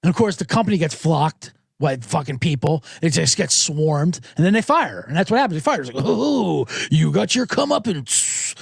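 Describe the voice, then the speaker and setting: A man's voice: a little high, sing-song, brisk, gravelly, few pauses, slightly rough, no echo. A man hosting a podcast, rambling through a casual, irreverent and profane monologue into a close studio microphone. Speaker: podcast host. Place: home studio with monitors.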